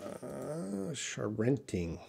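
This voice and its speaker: A man teaching English on a live stream, reading out viewers' questions and explaining words slowly and patiently. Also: medium pitch, very animated, vocal fry, a little mellow, slightly rough. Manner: slow, patient, drawn-out explanations; reads viewer questions aloud. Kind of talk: live-stream English class answering chat.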